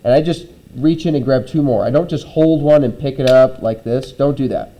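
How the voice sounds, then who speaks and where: Mellow-voiced male teacher giving lab instructions. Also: medium pitch, normal speed, a little hiss or hum, poor audio. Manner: conversational, frequent "okay?" check-ins and "um" fillers.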